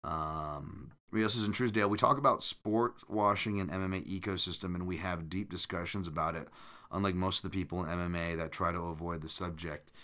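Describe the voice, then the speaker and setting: A man hosting a live show, talking casually as he reads viewers' comments aloud. His voice sits on the low side but sounds bright and forward. He speaks loosely, full of ums, uhs and restarts. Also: fairly even intonation, fairly quick. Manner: loose and conversational, frequent fillers and restarts. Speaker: podcast host.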